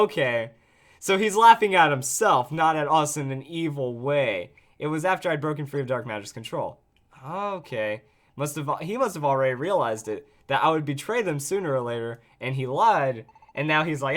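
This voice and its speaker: A man's voice: a little high, animated, normal speed, a bit bright. A man giving casual, chatty, jokey commentary while playing a video game. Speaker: let's play host.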